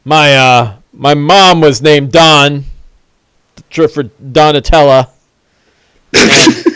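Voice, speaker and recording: A man's voice: on the high side, slow, a bit bright, smooth, no echo, clean studio sound. A man voicing a big, bluff human companion who is easily confused. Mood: blustery. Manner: blustery, baffled exclamations.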